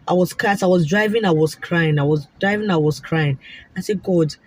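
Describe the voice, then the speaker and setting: A woman with a Nigerian accent casually telling a personal story, animated and repetitive, slipping into Pidgin asides. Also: fairly low pitch, a little fast, slightly rough. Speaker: vlogger sharing a fertility story.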